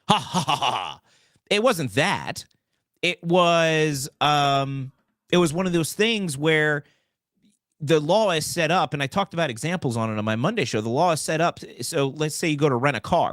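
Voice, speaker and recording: A man hosting a political commentary talk show, talking in an animated, rambling way with many asides. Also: on the high side, normal speed, no room sound, studio quality. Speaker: host.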